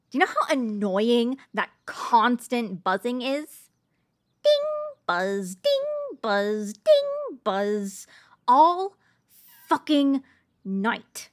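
A woman's voice: on the high side, a bit bright. A woman voicing a sarcastic, irritable young woman in an audio role-play, curt and full of swearing. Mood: accusing.

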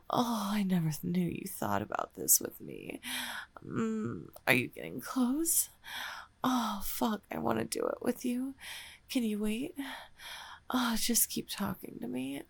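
A young woman voicing a shy gamer girl confessing her feelings in a whispered role-play, breathy and halting. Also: mid-range voice, sing-song, no room sound, full character voice. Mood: intimate. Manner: breathy, sighing, halting, flustered. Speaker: audio role-play performer.

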